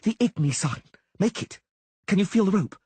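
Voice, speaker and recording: Fierce, commanding sorceress in an audiobook, raised pitch, husky tone, read by a male narrator. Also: expressive, moderate pace, mellow, dry recording, heavily acted. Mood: urgent. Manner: urgent, commanding.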